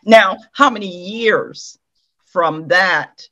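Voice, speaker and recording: A woman's voice: on the low side, very slow, fairly bright tone. A woman hosting a casual interview, breaking in with short encouraging words and questions. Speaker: host. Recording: muffled lo-fi.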